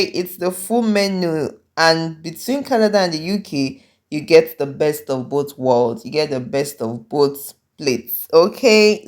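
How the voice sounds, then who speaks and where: A woman's voice: low voice, a little mellow. A woman hosting, wrapping up for viewers in an upbeat tone, often saying "I mean". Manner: enthusiastic, repeats "I mean". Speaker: host.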